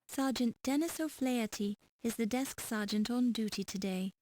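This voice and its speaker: A woman's voice: on the high side, moderate pace, mellow, a little hiss or hum, lightly acted. A woman reading scripted narration and notices for a 1990s adventure game. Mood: calm.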